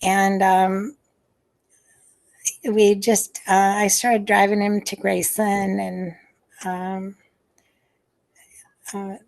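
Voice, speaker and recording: Drawing out her words and leaving long pauses, an older woman with a gravelly mid-range voice and level tone remembers her nursing days in a video-call interview. She hesitates a lot, restarts and fills in with ums, sighing softly.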